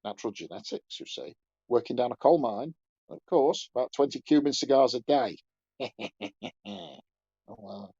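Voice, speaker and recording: A man's voice: medium pitch, measured pace, creaky, warm tone, breathy edge, dry recording, dull audio. A man voicing a leering old male showbiz entertainer who mumbles, rambles and makes crude asides, ending his lines with "you see". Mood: mumbling. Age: older. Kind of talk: comic character impression on a podcast.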